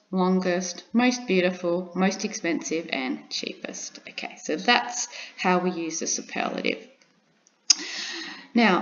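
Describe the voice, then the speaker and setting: A woman teaching an English grammar lesson, patiently repeating examples and checking in with her students. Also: medium pitch. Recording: dull lo-fi recording.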